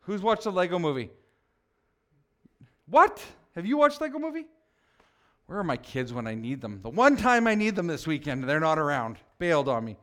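A man preaching a sermon as pastor, animated and teasing, chatting with his congregation. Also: fairly high pitch.

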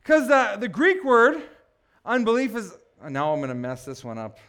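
A man preaching a sermon, building to passionate shouts and breaking off for joking asides. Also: sits high, wildly swooping pitch, moderate pace. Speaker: pastor.

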